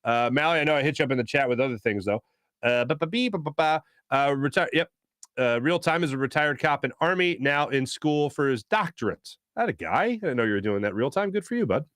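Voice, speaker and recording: Chatty sports show host, close and dry. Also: male voice, mid-range voice, lively intonation, quick pace, fairly bright tone, no echo. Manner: chatty, jokey, hums filler tunes and tries celebrity impressions. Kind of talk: casual live-stream chat reading viewer comments.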